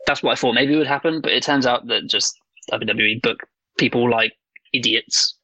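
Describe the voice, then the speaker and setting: Male podcast co-host, gravelly, rambling, swears freely, lots of ums. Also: medium pitch, moderate pace, bright, forceful tone, no echo, low-quality recording. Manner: rambling, swears casually, frequent ums and laughs. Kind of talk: casual chat.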